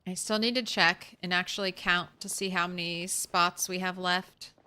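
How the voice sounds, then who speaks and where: Bright, clear-voiced woman streamer. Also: lowish voice, steady tone, moderate pace. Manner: chatty, rambling, talks to chat. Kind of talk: casual gameplay commentary.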